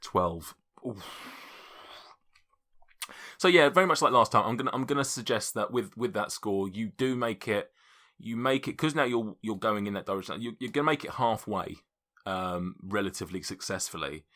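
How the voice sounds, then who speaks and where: A man narrating as game master, chatty and quick to laugh. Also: lowish voice, animated, fairly bright tone. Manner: chatty, laughing often, casual swearing.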